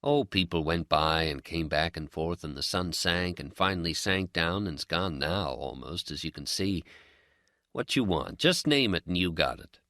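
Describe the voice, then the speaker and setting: A man reading an audiobook and voicing a calm, teasing male friend who is a pipe smoker with a Zen streak. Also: low-pitched, dry recording, heavily acted. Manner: teasing, dry, unhurried. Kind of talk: audiobook character dialogue.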